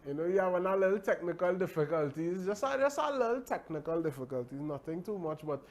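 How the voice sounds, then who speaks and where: A man hosts a live show. His voice is fairly high and upbeat, and he keeps repeating hype phrases to the audience. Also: expressive, fast talker. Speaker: host.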